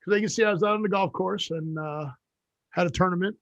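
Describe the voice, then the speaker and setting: A man's voice: high-pitched, fast, dry recording, highs cut off. A man hosting a casual podcast chat, joking and teasing his co-host over a video call.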